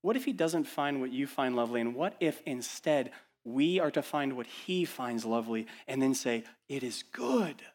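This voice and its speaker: Male pastor, mid pitch, urgent sermon delivery, rhetorical questions, shifts from hushed to loud. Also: animated, moderate pace. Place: church.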